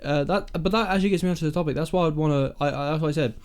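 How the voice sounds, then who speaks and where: Young South English man, podcast co-host, laid-back slangy chat, mellow tone. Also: on the high side, racing, smooth. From South England. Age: young adult. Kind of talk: casual chat.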